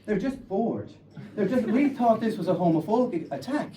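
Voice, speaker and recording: A young man with a Kerry accent, his voice pitched high, tells a funny personal story to a live audience. He sits a little back from the mic, with a faint room hum behind him. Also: moderate pace, distant mic, low-quality recording. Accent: Irish, County Kerry. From Ireland. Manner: lively, comic, animated. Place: storytelling stage before an audience.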